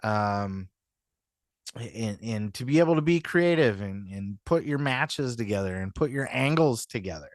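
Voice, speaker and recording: Hosting a podcast, this man talks a bit slowly at medium pitch with lively intonation, in a loose, wandering commentary full of "you know what I mean" and the odd curse. He performs quotes in mocking voices, recorded cleanly in studio quality without echo.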